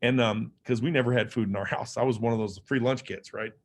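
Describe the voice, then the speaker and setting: A man's voice: mid-range voice, fairly even intonation, quick pace, slightly rough. Middle-aged guy giving a motivational talk, earnest storytelling, lots of ums and restarts, mid-range voice. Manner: earnest, conversational, frequent fillers and restarts. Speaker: motivational speaker. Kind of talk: personal storytelling speech.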